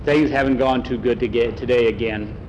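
A man voicing a harsh, demanding farm boss who yells and grumbles impatiently. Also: mid-range voice, fairly even intonation, brisk, highs cut off, slight background noise, natural voice. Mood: grumbling prayer. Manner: loud, yelling, impatient.

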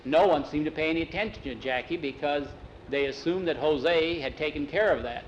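A man telling a story aloud in a plain, unhurried way. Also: a little high, highs cut off, a little hiss or hum. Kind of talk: oral storytelling.

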